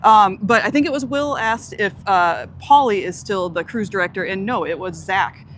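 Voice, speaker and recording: A woman's voice: medium pitch, normal speed, a bit bright, a little hiss or hum. A woman co-hosting a casual live stream on a cruise ship's outdoor deck, chatting and giving practical travel tips. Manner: conversational, gives practical tips.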